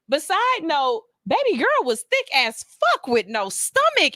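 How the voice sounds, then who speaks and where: Woman radio host, joking and blunt, high bright voice, dry studio sound. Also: moderate pace, dry recording. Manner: animated, joking, blunt and profane. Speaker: radio morning show host. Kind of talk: casual chat.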